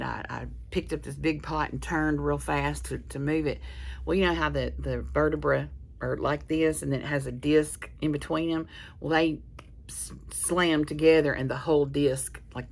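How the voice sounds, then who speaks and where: Low, gravelly woman vlogging. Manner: meandering, candid storytelling with many restarts. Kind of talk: casual chat to camera.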